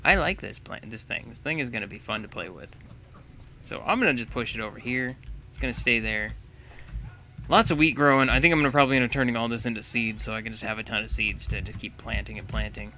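A man's voice: mid-range voice, quick pace, pushed and bright. A young man giving casual, chatty commentary while playing a building game, thinking aloud and laughing often. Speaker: gaming channel host.

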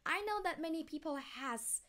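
A woman's voice: very high voice, animated, normal speed, pushed and bright. A woman with a Thai accent teaching a language lesson step by step, demonstrating tones by drawing out single syllables.

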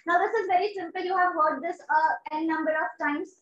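Indian English teacher, woman, very high voice, roomy dull lo-fi sound, keeps saying very good. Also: steady tone, a little fast, a bit bright, slight background noise. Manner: encouraging, repeats "very good" and "amazing". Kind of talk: online exam-prep class.

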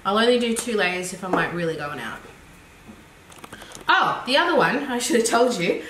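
A woman's voice: mid-range voice, bright, forceful tone. An Australian woman reviewing makeup in a casual, chatty, giggly way, thinking aloud as she goes. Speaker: beauty vlogger. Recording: echoey room with faint noise.

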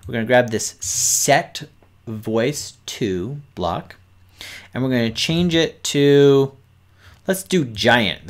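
Here a teacher with a fairly low, somewhat bright voice runs a live stream teaching kids how to code. His explanations are patient and methodical, and he addresses the viewers head-on.

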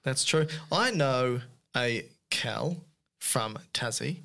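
Man, podcast co-host, casual banter, reads emails aloud, teasing asides, mid pitch. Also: animated, takes it slowly, gravelly, pushed and bright. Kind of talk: casual chat, reading listener emails aloud.

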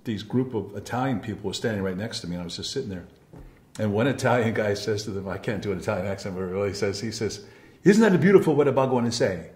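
A man with a lowish voice reminisces in a rambling, heartfelt way, often stopping and restarting his sentences. He sounds apologetic and sincere. The recording carries a noticeable room echo. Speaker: former encounter group leader. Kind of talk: reflective personal recollection.

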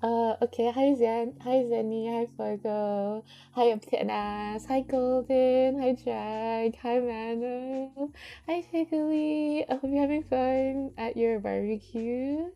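A woman's voice: fairly high pitch, steady tone, slow pace, lo-fi sound. A young woman livestreamer talking casually and rambling with lots of fillers, greeting chat, at times close to tears. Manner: rambling, filler-heavy, reads chat aloud. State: near tears.

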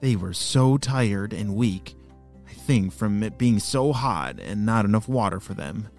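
A man's voice: on the low side, lively intonation, measured pace, a little mellow, soft background music. A man hosting a children's story podcast, narrating in an enthusiastic, playful way.

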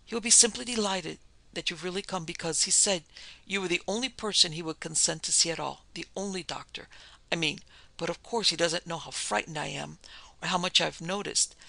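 A narrator voicing Mrs Pender, an anxious, timid middle-aged wife who rushes her words nervously. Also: lowish voice, creaky, bright, forceful tone, no room sound, heavily acted. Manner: nervous, tremulous rush of words.

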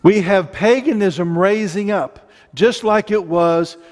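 A middle-aged preacher with an Ozarks accent delivers an impassioned, rambling sermon full of joking asides. His voice sits notably high for a man. A long reverb hangs on every phrase. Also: slow pace, darkish tone.

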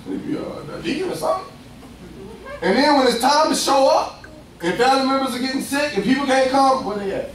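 A young man preaching a lively, conversational sermon, acting out voices and laughing often. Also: very high-pitched, brisk, long pauses, slight background noise. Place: church. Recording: echoey distant room sound.

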